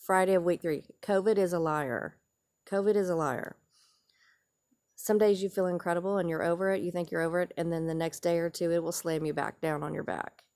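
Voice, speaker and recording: A woman speaking straight to camera in a raw, earnest vlog, recounting a hard personal ordeal with feeling. Her voice sits a little low for a woman, and she leans on repeated phrases as she goes. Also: fairly even intonation, brisk, darkish tone. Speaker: vlogger.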